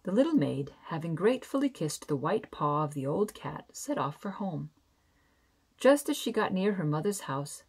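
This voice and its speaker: A woman reading a fairy tale aloud as a bedtime story, gentle and expressive, slowing down for emphasis. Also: mid-range voice.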